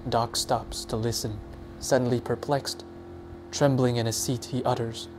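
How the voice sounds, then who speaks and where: A man's voice: medium pitch, little pitch movement, a little slow, music in the background. A man narrating an audiobook in a dramatic storytelling manner. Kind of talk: scripted narration.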